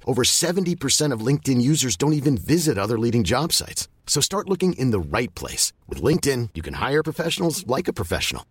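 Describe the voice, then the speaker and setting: Brief: male ad voice, slightly husky, dry close studio sound, lively read. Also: medium pitch, no echo. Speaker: ad announcer. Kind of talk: scripted ad read.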